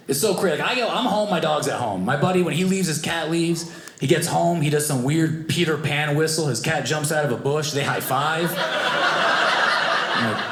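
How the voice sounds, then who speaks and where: A young man doing a stand-up comedy set, animated and acting out the people in his stories. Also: fairly high pitch. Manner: animated, acts out voices of family and strangers. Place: comedy club stage with live audience. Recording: echoey club room, noisy audience.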